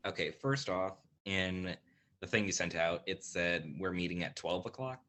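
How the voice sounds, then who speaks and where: A man's voice: low-pitched, moderate pace, sharp tone. A male student asking his instructor questions over a video call, polite and a little hesitant.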